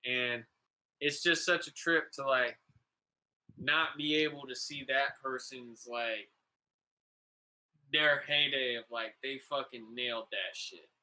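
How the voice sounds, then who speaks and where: A man of medium pitch takes his time, leaving long pauses, his tone sharp and the recording low in quality. As a podcast host he tells stories casually and rambles, swearing freely, saying "bro," and leaning heavily on "like" and "you know."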